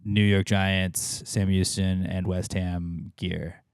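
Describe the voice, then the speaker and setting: A man in his thirties co-hosting a podcast, his lowish voice smooth and resonant. He rants and swears in a casual, sarcastic way. The sound is dry and close, with no room around it. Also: level tone, takes it slowly, no room sound. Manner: profane, ranting, sarcastic. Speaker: podcast co-host. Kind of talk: casual chat.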